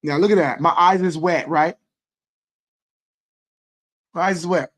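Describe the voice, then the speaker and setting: Speaking at a measured pace in a voice on the high side, this livestream host responds to comments from viewers in a laid-back stream. He hammers points home by repeating himself, with plenty of profanity.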